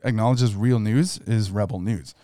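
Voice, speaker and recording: A man's voice: fairly low pitch, moderate pace, mellow. A man co-hosting a podcast in casual chat, laid-back and agreeable, laughing often. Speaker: podcast co-host.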